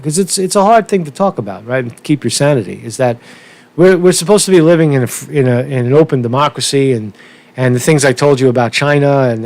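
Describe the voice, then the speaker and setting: A man's voice: medium pitch, darkish tone. A man ranting angrily about politics, swearing often and repeating himself. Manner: profane, heated, repeats himself. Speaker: political commentary vlogger. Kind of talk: angry political rant.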